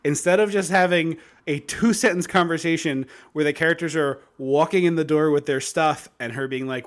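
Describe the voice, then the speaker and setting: A man co-hosting a podcast in casual chat, ranting in a lively, mocking way. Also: a little high, moderate pace, few pauses. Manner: animated, mocking rants. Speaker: podcast co-host.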